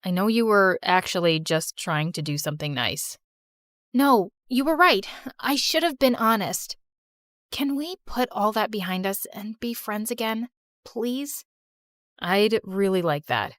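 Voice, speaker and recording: A woman voicing a shy teenage boy apologizing softly in an animated story. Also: medium pitch, measured pace, dry recording, studio quality, voice pushed down. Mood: sheepish. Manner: soft, shy.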